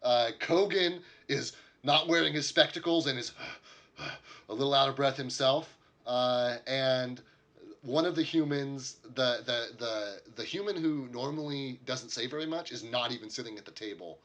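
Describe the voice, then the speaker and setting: A man's voice: medium pitch, normal speed, a bit bright. A man narrating as a game master in a casual, rambling way, with many fillers.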